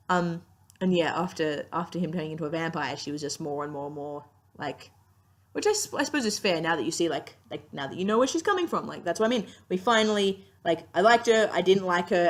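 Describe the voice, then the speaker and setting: A young woman giving a casual, rambling TV review, chatty and gushing with lots of fillers, tired and yawning. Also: on the low side. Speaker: TV series reviewer.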